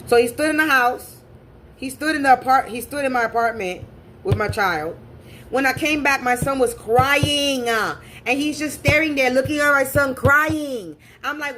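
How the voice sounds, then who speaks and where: Lady with a higher voice ranting through a personal story, swears a lot, keeps repeating herself, faint noise behind. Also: moderate pace, a bit bright. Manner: blunt and profane, repeats herself for emphasis. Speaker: spiritual reader and channel host.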